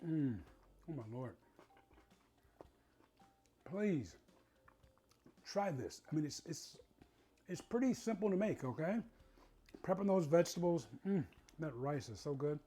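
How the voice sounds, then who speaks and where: A man's voice: on the high side, animated, a little slow, pauses often, husky. A man hosting a cooking show, chatting casually and enthusiastically as he tastes his food. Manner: warm, enthusiastic, savoring food aloud.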